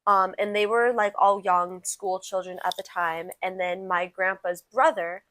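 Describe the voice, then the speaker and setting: A woman's voice: mid-range voice, fairly even intonation, unhurried, a bit bright, a little hiss or hum. A young adult woman co-hosting a podcast, chatting casually and telling a family story, slangy and full of fillers. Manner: slangy, filler-heavy, laughs easily. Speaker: podcast co-host.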